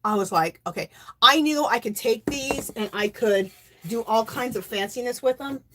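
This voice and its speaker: A woman hosting a crafting channel, talking in a chatty, rambling, excitable way as she shows off her makes. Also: on the high side, moderate pace, background noise. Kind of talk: casual show-and-tell chat.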